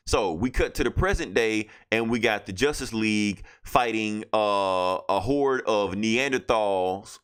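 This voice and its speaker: A man with a fairly low voice hosts a podcast. He recaps comic books in a loose, casual way and swears freely. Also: normal speed, hardly any pauses, fairly bright tone, clean tone. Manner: loose, profane storytelling. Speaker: podcast host.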